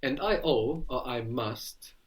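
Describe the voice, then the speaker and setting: A man's voice: medium pitch, expressive, slow. A man tutoring a student in a language, patiently explaining and praising answers. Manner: encouraging, asks for repeats.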